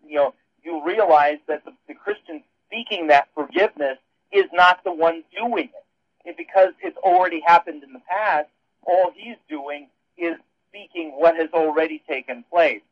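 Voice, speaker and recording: A man's voice: fairly high pitch, dry recording. Man explaining theology over a dull phone line. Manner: rambling with frequent restarts. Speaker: radio show guest.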